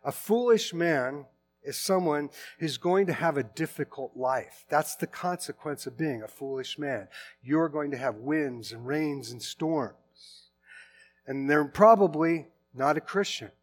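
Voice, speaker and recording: A middle-aged man preaching in a relaxed, conversational sermon, often restarting and correcting himself mid-sentence. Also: fairly high pitch, unhurried, soft background music. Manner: informal, with frequent restarts and self-corrections. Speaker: pastor.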